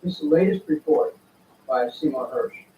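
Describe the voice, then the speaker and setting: An older man, a former congressman, speaking as a guest in a political interview, deliberate and earnest with many pauses. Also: mid-range voice, a little hiss or hum. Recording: tinny phone-like line, echoey room, from far off.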